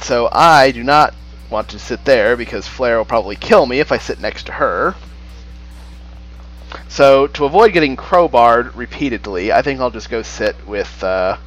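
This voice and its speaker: A man's voice: medium pitch, rough recording. A man streaming a dating game, joking around and reading game text aloud in a casual way. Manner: jokey and animated, with quick asides and laughter.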